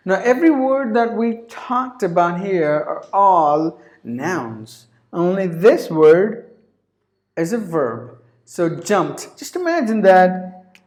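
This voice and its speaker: A man teaching English pronunciation, repeating each word several times in a drawn-out way. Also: sits high, very animated, a little mellow. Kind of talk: pronunciation lesson. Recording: roomy echo.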